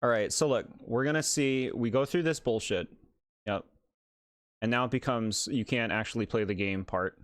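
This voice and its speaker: A man's voice: mid-range voice, normal speed, no echo. A man streaming a game, chatting casually, exasperated and sarcastic, laughing often. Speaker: gaming streamer. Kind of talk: casual live commentary.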